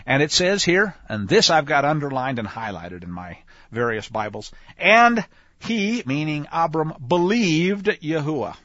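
A man teaching scripture in a conversational way, animated and speaking straight to his listeners. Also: medium pitch, moderate pace, no room sound. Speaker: Bible teacher. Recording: dull lo-fi, dry sound.

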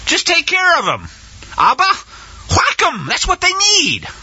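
A preacher acting out a scornful ranting prophet. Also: male voice, extremely high pitch, huge pitch swings, measured pace, bright, forceful tone, highs cut off, pitched above the performer's own voice, heavily acted. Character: indignant modern-day male prophet refusing his mission.

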